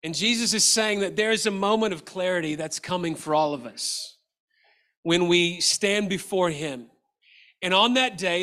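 A man's voice: high voice, sharp tone. A middle-aged man preaching a sermon, earnest and exhortative, asking the congregation rhetorical questions. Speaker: pastor.

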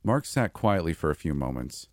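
Male horror storyteller, deep voice, dry close sound, measured delivery. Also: dry recording. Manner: steady, measured first-person reading. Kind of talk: scripted horror story narration.

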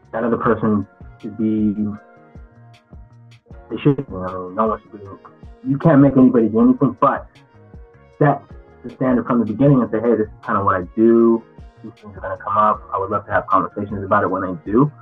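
A man's voice: on the low side, slightly rough. A man, an actor as interview guest, answering frankly and reflectively, often restarting his sentences. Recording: tinny phone-like line with faint music.

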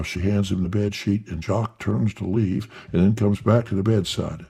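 A man telling a folksy tall tale in an unhurried, drawling yarn-spinning manner. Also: on the low side, gravelly, warm tone, breathy edge. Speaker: storyteller.

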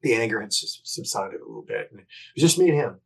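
A middle-aged man, a podcast guest, telling a personal story candidly and earnestly, often restarting his sentences and moving between emphatic bursts and hushed phrases. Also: fairly low pitch, animated, quick pace, gravelly, breathy edge, rough recording. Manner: reflective, earnest, with frequent restarts and self-corrections.

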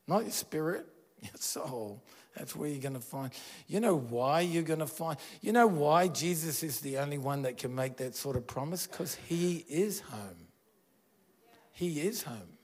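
A man's voice: a little high, a little slow. A man preaching a sermon as pastor, earnest and conversational, asking his listeners questions.

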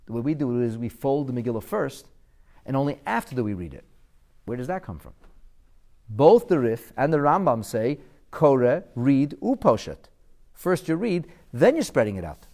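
A man in his forties teaching a Torah lesson, puzzling aloud and asking rhetorical questions as he explains the sources. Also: medium pitch. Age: 40s. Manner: animated, quizzical, asks rhetorical questions.

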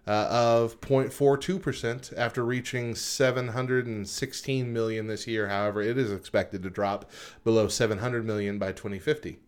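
A man co-hosting a casual podcast, reading statistics from a list with frequent pauses and adding informal comments. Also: mid-range voice, fairly even intonation, clear, resonant tone. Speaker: podcast co-host.

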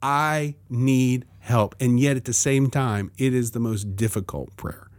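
A man's voice: medium pitch, unhurried, no room sound. A middle-aged man in a casual faith conversation, speaking earnestly and reflectively, often telling stories.

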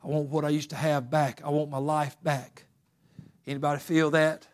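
A male preacher with a fairly high voice delivers a sermon. He swings between hushed, intimate passages and loud, fervent exhortation, repeating phrases for emphasis. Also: level tone, moderate pace. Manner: builds from quiet talk to loud fervent preaching.

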